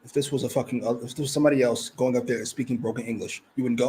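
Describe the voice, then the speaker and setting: A man's voice: mid-range voice, steady tone, rapid-fire, mellow, a little hiss or hum. A man co-hosting a wrestling review show, casual and heated, arguing and swearing in exasperation. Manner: exasperated, profane, argumentative. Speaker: co-host.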